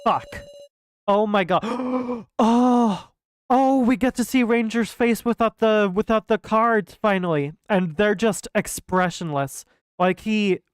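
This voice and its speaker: Excitable young woman reacting to a game. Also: mid-range voice, clear, resonant tone, no room sound. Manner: reactive, excitable, swears, laughs. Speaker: let's play streamer. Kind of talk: casual game commentary.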